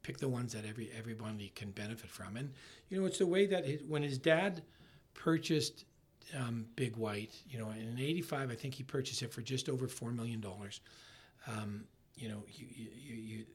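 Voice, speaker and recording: A middle-aged man in a casual interview, talking in halting bursts with many restarts and trailing off softly. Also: mid-range voice, husky. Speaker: ski resort marketing executive, guest.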